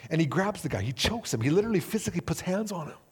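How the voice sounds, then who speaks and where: A man preaching a sermon, telling a parable with animated storytelling and acting out the characters' voices. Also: racing, slightly rough, big-room sound. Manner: animated storytelling, acting out characters with big swings in pitch and volume. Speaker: pastor.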